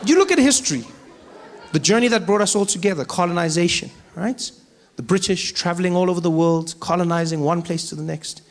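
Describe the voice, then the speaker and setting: A South African man in his thirties doing stand-up on a large theatre stage, telling stories with animated, rising punchlines. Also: high voice, fairly quick, a little hiss or hum. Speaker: stand-up comedian. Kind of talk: stand-up comedy.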